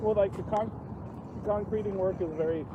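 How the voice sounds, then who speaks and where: A man's voice: high-pitched, fairly even intonation, normal speed, phone-quality sound. Rambling joking man outside. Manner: loose rambling jokes with fillers. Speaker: guest comedian. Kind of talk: casual walking livestream chat. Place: outdoors on city streets. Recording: noisy outdoor street sound.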